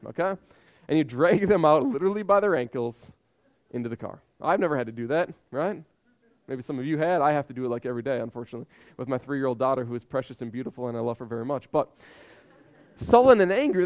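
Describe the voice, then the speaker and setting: A man's voice: fairly high pitch, a little mellow. A man in his thirties preaching a sermon with emphatic repetition and rhetorical questions. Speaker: pastor.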